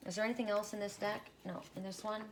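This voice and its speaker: A woman's voice: mid-range voice, level tone, fast talker, background noise. A middle-aged woman giving a solo oracle card reading, musing aloud and repeating card messages in rambling asides.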